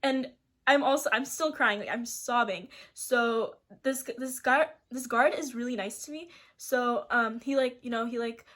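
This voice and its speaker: A woman's voice: a little high, measured pace, fairly bright tone. Rambling young woman telling a story. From Seattle, USA. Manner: rambling, full of "like" fillers and restarts. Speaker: vlogger. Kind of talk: casual storytime narration.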